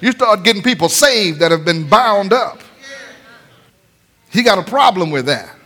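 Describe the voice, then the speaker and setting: A man with a high, bright voice preaches a sermon. He drives his points home with rising sing-song cadences and sudden shouted lines. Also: lively intonation, unhurried. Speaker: pastor.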